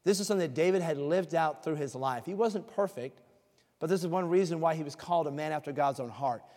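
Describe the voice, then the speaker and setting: A man preaching a sermon, reading scripture slowly and with emphasis, then explaining it in a conversational way. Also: on the high side, a little mellow. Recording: reverberant hall.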